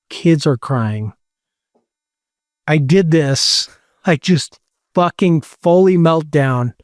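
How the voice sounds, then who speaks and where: A man's voice: a little high, darkish tone, no room sound, studio quality. A middle-aged man casually telling a long personal story, rambling and swearing with lots of "like". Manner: rambling, swearing, many likes. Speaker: podcast host.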